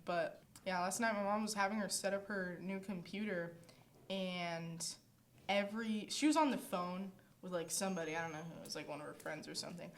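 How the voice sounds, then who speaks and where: A woman's voice: fairly low pitch, fairly quick, slight background noise. A young woman hosting a casual podcast, rambling with lots of filler words and frequent laughs, in a small room on a podcast mic. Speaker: podcast host. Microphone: podcast microphone.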